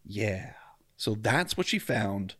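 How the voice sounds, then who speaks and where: A man's voice: on the low side, very animated, slow pace, a bit bright, husky, dry recording. A man co-hosting a casual true-crime podcast, chatty and jokey, tripping over names as he tells the story. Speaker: podcast co-host. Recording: dry close mic at home, faint outdoor hum.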